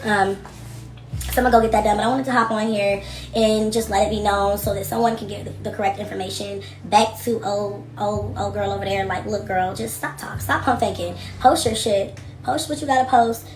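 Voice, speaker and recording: A young adult woman hosting a casual livestream from her home office, reading comments and talking in a blunt, profane, animated way. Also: mid-range voice, brisk, reverberant, soft background music. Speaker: livestream host.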